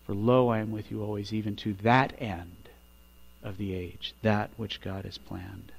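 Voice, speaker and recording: A male pastor preaching a sermon, building to loud, emphatic peaks and dropping quiet at the ends of phrases. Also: lowish voice, little pitch movement, measured pace, creaky, slightly rough.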